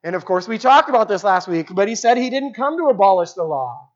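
Preacher, expository sermon, explanatory, repeats phrases for emphasis, mid pitch, dull lo-fi recording. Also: big pitch swings, a little fast.

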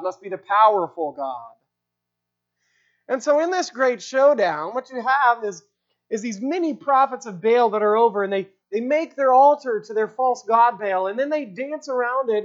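A woman's voice: fairly high pitch, highs cut off. A woman preaching an expository sermon, stressing her points, asking rhetorical questions and repeating key phrases.

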